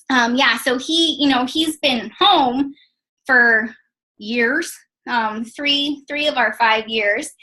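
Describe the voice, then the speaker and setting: A woman's voice: on the high side, pushed and bright, rough recording. A woman in her twenties telling a chatty, emotional personal success story as a direct sales team leader, with many fillers. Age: 20s.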